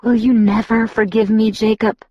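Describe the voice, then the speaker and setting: A woman's voice: level tone, normal speed, no echo, lo-fi sound, close to an everyday voice. A woman reading a novel aloud, voicing an anxious teenage girl who pleads in a tight, raised voice. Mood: pleading. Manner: higher, pressed and urgent in her lines.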